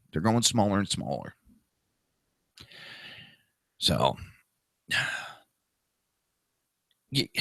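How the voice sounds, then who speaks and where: On a dry recording, a man with a fairly low, sharp-toned voice and a New Jersey accent hosts a political talk show. His opinionated monologue is a blunt, crude, combative rant that mocks people through whiny impressions.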